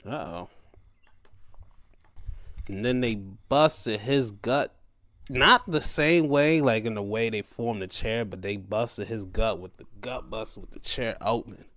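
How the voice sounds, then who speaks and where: A man hosting a podcast and recapping wrestling and baseball in a casual, playful way, sometimes jumping into high mocking voices. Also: takes it slowly, fairly bright tone. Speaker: podcast host.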